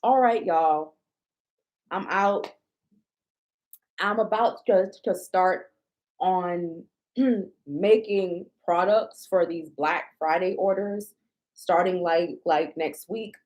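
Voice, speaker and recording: Woman, blunt, profane, indignant, casual rant, slow drawn-out delivery. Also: lowish voice, a little mellow. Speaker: shop owner and vlogger. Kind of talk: casual ranting monologue to viewers.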